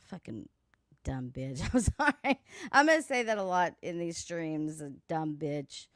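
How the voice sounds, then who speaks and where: A woman's voice: on the low side, animated, measured pace. Sassy swearing woman livestreamer. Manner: sassy, mocking, swears a lot, laughs at clips. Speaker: livestream host. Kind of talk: casual commentary livestream.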